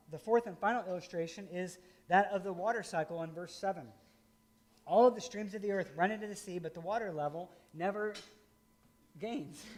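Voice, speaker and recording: A middle-aged man from rural Indiana giving a conversational, folksy sermon as pastor. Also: high-pitched.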